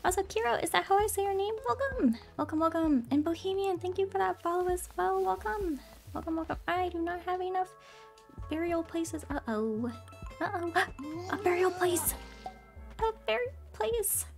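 A woman's voice: very high-pitched, normal speed, creaky. A woman streaming a game, chatting casually, apologizing and greeting viewers by name in a bubbly way. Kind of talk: casual live-stream chat while gaming. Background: game music.

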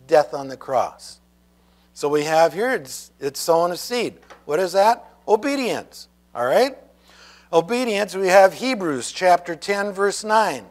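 Male pastor, sermon delivery, unhurried reading with a high voice and questions to the room. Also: lively intonation. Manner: reads scripture slowly, asks congregation questions.

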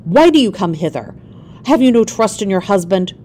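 A woman's voice: fairly low pitch, expressive, moderate pace, darkish tone, slight background noise, lightly acted. A woman voicing an obsessive male scientist who speaks impetuously and urgently, in a storybook reading. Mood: angry.

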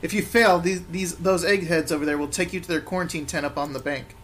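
A man voicing a lazy, corrupt London policeman who talks in loud, scornful slang. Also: on the high side, fairly even intonation, fast, a little hiss or hum, lightly acted. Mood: brash.

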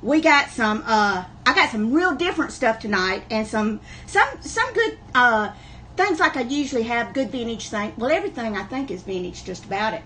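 Chatty high-voiced woman. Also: animated, normal speed, sharp tone, a little hiss or hum. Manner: chatty, folksy, greets viewers by name. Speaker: live sale host. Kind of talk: livestream chat. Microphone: camera on a wobbly tripod.

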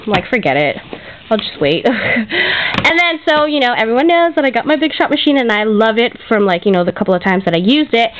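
A woman's voice: high-pitched, a bit bright. A woman from Canada showing off craft gifts in a casual vlog, gushing and grateful, chatty with lots of fillers, and close to tears. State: emotional, near tears. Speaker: craft vlogger. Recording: dull lo-fi home video audio.

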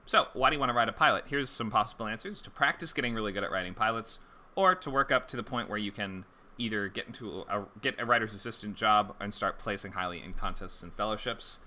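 A man's voice: on the low side, fast talker, sharp tone. A man teaching a screenwriting class in a loose, conversational way, full of fillers and restarts, and he has the hiccups. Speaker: screenwriting instructor. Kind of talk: casual livestream lecture.

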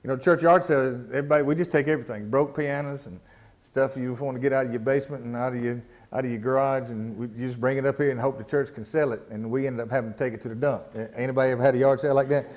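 A man's voice: medium pitch, steady tone, racing, darkish tone. A man preaching a sermon in a folksy, casual way, often repeating words and asking the congregation questions. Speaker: pastor. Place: church.

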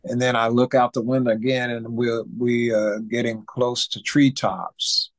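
A man's voice: medium pitch, unhurried, dry recording. A man, telling a story as an interview guest, repeating himself and acting out sounds. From Mississippi. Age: 80s. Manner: animated storyteller with repetitions and sound effects. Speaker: guest musician.

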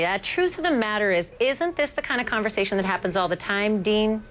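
TV anchor woman, brisk and playful, runs the panel. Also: mid-range voice, fairly bright tone, slight background noise. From Canada. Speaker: news anchor. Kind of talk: live TV news panel.

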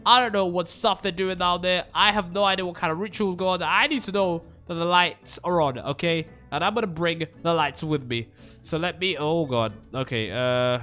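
A young man in his twenties giving jokey, excitable Minecraft let's-play commentary, jumping between loud shouts and nervous muttering. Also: a little high, normal speed, faint music behind. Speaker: gaming YouTuber.

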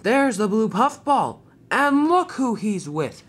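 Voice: medium pitch, big pitch swings, slightly rough, pitched above the performer's own voice, exaggerated voice. Narrator putting on a gloating villain diesel engine. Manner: taunting, drawn-out threats. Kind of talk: fan toy-train storytelling.

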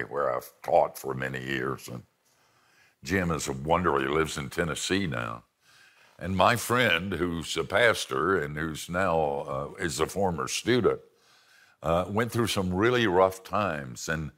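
A man's voice: low-pitched, a bit bright. An older man preaching a sermon with folksy, self-deprecating humor and storytelling. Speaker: pastor and seminary teacher.

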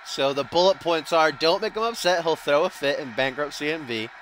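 A man's voice: fairly high pitch, a little fast, a bit bright, slight background noise. A man giving playful mock wrestling commentary over a video game, slipping between announcer patter and crude, jokey banter. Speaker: gaming commentator.

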